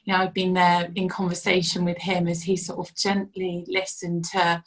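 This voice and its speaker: A woman speaking as a guest on a podcast, giving measured, reflective recollections. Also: fairly low pitch, monotone, low-quality recording. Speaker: ministry leader, guest. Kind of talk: podcast conversation.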